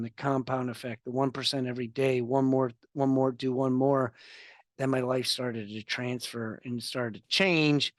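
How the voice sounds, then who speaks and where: A man's voice: mid-range voice, fairly bright tone, no echo, clean studio sound. A man, a podcast guest on a video call, speaking earnestly and candidly about his own experience. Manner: earnest, confessional storytelling. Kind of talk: candid interview talk.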